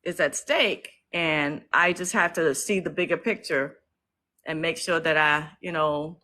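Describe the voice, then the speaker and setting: A low-pitched, pushed and bright voice belongs to a woman hosting a casual livestream from her phone, speaking unhurriedly with fairly even intonation over a low-quality recording. The activist host is emotional and outspoken, curses freely and reads out viewer comments to thank them.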